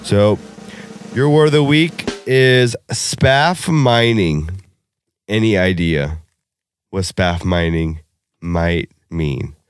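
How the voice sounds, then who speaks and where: Profane laughing young podcast host. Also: male voice, low-pitched, drawn-out words, smooth, dry recording. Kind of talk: crude casual podcast banter.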